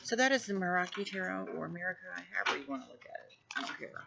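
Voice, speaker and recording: A woman casually showing off her tarot decks, gushing with effusive praise and sometimes dropping to a hushed voice. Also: on the low side, expressive, fast, gravelly, highs cut off, noisy background. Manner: drops to a hushed voice at times. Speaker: tarot deck reviewer. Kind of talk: casual show-and-tell vlog.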